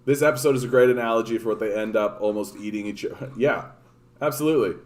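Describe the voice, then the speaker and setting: Male livestream host from Canada, mid-pitched, rambling sarcastic rant full of swearing and false starts. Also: quick pace, a little mellow. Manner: profane, rambling, sarcastic, many restarts. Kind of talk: casual ranting livestream chat.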